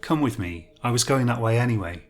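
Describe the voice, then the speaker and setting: A man's voice: medium pitch, expressive, a little fast, soft background music, natural voice. A man voicing a friendly, teasing young woman in a storybook reading. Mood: breezy. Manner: breezy, teasing.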